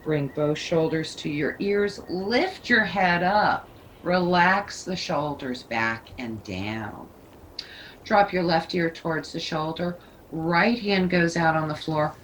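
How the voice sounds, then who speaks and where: Woman yoga teacher, low voice, takes her time, calm soothing cues, bit of faint hiss. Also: slow pace, poor audio. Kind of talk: guided yoga instruction.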